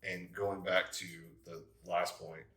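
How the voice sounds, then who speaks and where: A man's voice: low voice, level tone, slow pace, sharp tone. A man who runs tabletop games, giving emphatic advice in a casual roundtable chat. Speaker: tabletop game master. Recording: roomy, distant mic.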